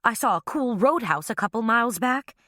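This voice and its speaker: A woman reading an audiobook voices a brassy, wisecracking young woman with a shrill, high voice. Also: animated, a little fast, fairly bright tone, no echo, studio quality. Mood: sassy.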